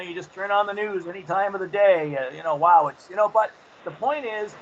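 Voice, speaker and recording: Earnest high-voiced man, lo-fi recording. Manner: earnest, rambling, repeats words when starting sentences. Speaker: guest, author and adventurer. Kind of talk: faith-driven storytelling interview. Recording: dull lo-fi audio with steady background noise.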